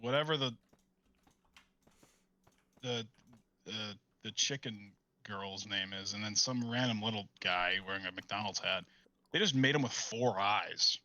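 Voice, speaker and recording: A young man chatting casually on a gaming stream, animated and laughing often. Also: on the low side, a little slow, pauses often, muffled recording. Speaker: streamer co-host.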